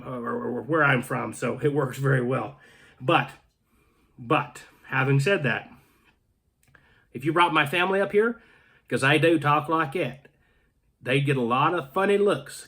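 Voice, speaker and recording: Rambling high-voiced man chatting casually. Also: a bit bright. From North Carolina, US. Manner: rambling, joking asides, frequent restarts. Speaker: channel host. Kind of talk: casual chat reading viewer comments. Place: home in Canada.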